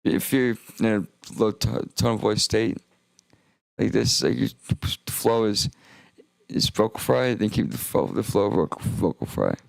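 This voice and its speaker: Low, gravelly young man rambling on stream. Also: a little slow, dry recording. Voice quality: vocal fry. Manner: rambling, profane, self-interrupting. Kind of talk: rambling livestream monologue.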